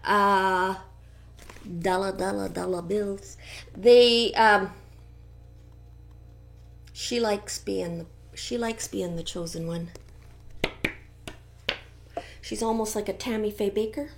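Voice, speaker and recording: A middle-aged woman giving a chatty, gossipy tarot reading with animated asides. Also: medium pitch, slow pace, faint music behind. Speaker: tarot reader. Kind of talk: casual tarot reading commentary.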